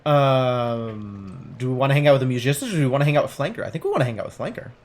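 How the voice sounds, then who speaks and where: A man's voice: medium pitch, animated, fast talker. A male game streamer reading a text game aloud and thinking through it, playful and wry, with casual commentary.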